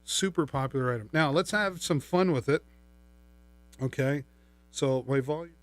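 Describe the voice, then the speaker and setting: Hosting a live shopping stream, a middle-aged man with a slightly high voice at a moderate pace demos a microphone and mixer in an upbeat, playful way. He's speaking through a studio microphone routed via a mixer.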